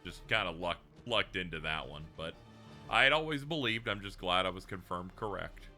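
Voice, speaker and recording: Low, relaxed male streamer; casual banter over loud game music. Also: normal speed. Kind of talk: casual chat while gaming.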